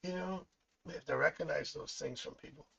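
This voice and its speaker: A talkative middle-aged man reads tarot cards live and drifts easily into stories about his family, laughing as he goes. His voice sits a little high for a man, and the stream audio sounds dull and lo-fi. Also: fairly quick, creaky, bright, forceful tone. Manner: chatty and rambling, laughs often, tells family stories. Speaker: psychic tarot reader. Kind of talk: live-stream tarot reading, casual chat.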